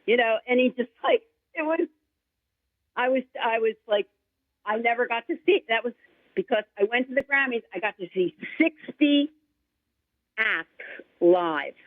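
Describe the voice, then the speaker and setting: A woman guest singer-songwriter chatting in an interview, gushing and rambling with excitement. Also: a little high, moderate pace, long pauses, no room sound. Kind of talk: casual interview chat. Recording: tinny phone line, dry.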